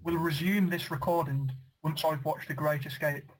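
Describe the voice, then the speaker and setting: A man co-hosting a casual comedy podcast, telling rambling deadpan jokes with plenty of fillers. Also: a little high, normal speed, a crowd in the background, rough recording. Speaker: podcast co-host.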